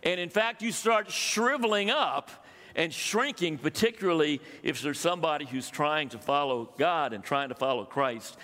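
A man's voice: on the high side, lively intonation, moderate pace, bright, forceful tone. An older man, a pastor, preaching a sermon in a conversational way and asking his congregation questions. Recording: long reverb of a hall.

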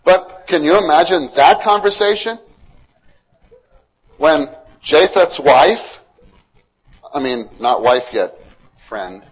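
A man's voice: fairly high pitch, slow pace, pauses often, breathy edge, poor audio. A man preaching a sermon, quizzing the congregation and retelling stories with animation. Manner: questions to the congregation, animated storytelling.

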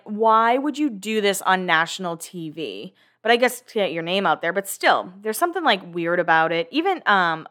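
A woman's voice: medium pitch, fairly bright tone. A woman hosting a casual recap podcast, rambling through the story in a chatty way. She leans on fillers and drops an occasional swear word. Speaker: podcast host.

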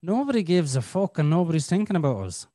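An Irish man hosting a podcast, telling a personal story in a flamboyant, expressive way. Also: a little high, fast, no room sound, clean studio sound. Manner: flamboyant, expressive storyteller who swears freely. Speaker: podcast host. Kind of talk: casual storytelling chat.

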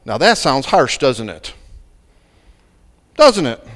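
A man's voice: mid-range voice, very animated, takes it slowly, long pauses, fairly bright tone, big-room sound. A man preaching a sermon, dramatic and full of rhetorical questions. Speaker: pastor.

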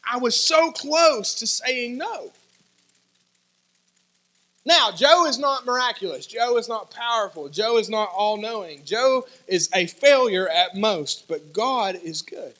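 A man preaching a sermon as pastor, telling personal stories in an animated way and acting out the dialogue. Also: extremely high pitch. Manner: animated storytelling, acts out dialogue, sudden loud shouts.

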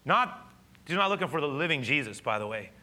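A male pastor preaching a sermon, telling the story with animated delivery and sometimes dropping to hushed, intimate tones. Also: on the high side, fairly quick.

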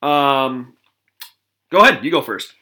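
A man's voice: medium pitch, very animated, slow pace, pushed and bright. A man co-hosting a casual chat podcast, recapping with frequent laughs. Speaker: podcast co-host.

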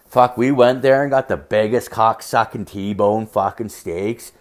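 Solo podcaster, young adult male, slightly low register, crude and rambling storyteller. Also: measured pace. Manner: profane, filler-heavy, storytelling. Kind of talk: casual rambling monologue.

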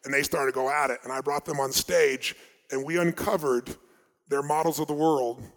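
A man's voice: mid-range voice, fairly even intonation, normal speed. Emphatic man speaking in a reverberant hall. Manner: emphatic, swings between loud and hushed delivery. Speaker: motivational seminar speaker. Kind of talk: live seminar storytelling.

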